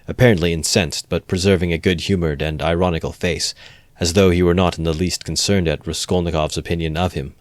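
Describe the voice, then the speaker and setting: A man narrating a classic novel aloud as an amateur reader, in steady, measured delivery. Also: low-pitched, no echo, studio quality.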